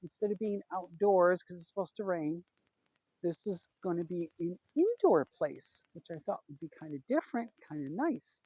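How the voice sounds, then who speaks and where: A woman's voice: fairly low pitch, animated, normal speed, mellow, breathy edge, dry recording, muffled recording. A middle-aged woman vlogging a casual personal update, chatty and retelling a conversation with lots of "he goes".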